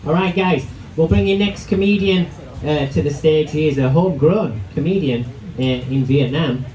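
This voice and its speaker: A man's voice: on the high side, moderate pace, darkish tone, muffled recording. A man hosting a live comedy night, loose and bantering with the crowd between acts. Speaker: comedy show MC. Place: comedy club. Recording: echoey club with audience.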